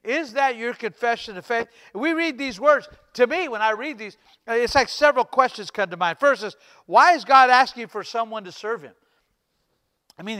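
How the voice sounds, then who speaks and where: A man's voice: very high voice, sharp tone. A man, a pastor, preaching a fervent sermon with rising, repeated exhortations.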